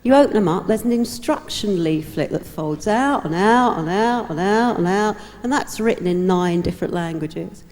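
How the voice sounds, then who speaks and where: A woman's voice: medium pitch, lively intonation, normal speed, few pauses, a little mellow. A woman telling stand-up jokes in a chatty, wry way. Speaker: comedian. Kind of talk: stand-up routine. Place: live comedy stage. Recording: live hall reverb.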